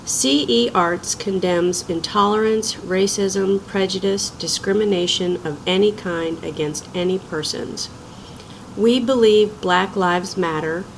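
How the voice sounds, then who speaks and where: A woman, president of a nonprofit, reading a prepared statement in an earnest, measured way. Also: medium pitch, vocal fry, a little hiss or hum, rough recording.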